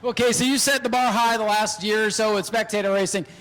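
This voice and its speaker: A man announcing a short-track race and emceeing the winner's interview, excitable and shouting on close finishes. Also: sits high, fast talker, low-quality recording. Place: outdoor speedway.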